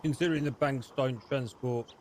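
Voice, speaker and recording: A man's voice: mid-range voice, fairly even intonation, normal speed, darkish tone, a little hiss or hum. A man with a British accent, chatting in character with dry, offhand remarks. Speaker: gang member in roleplay. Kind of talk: in-character roleplay chat.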